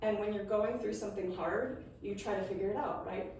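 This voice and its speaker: A woman's voice: mid-range voice, fairly even intonation, a little fast, a little mellow. A middle-aged woman talking earnestly and openly to an audience about her own stress. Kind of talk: casual talk to a live audience. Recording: echoey room, distant mic, faint background noise.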